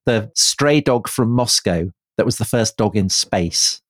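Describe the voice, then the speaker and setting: A man's voice: lowish voice, animated, unhurried, no echo, clean studio sound. A man co-hosting a history podcast, bantering with his co-host and explaining the topic with many small hesitations. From lives in London. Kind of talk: casual history podcast chat.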